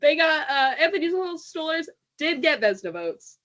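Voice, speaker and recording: A woman's voice: high-pitched, very animated, moderate pace, fairly bright tone, dull audio. A woman co-hosting a casual podcast, chatty and laughing often, stumbling over names as she reads them out. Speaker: podcast co-host. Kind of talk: casual chat.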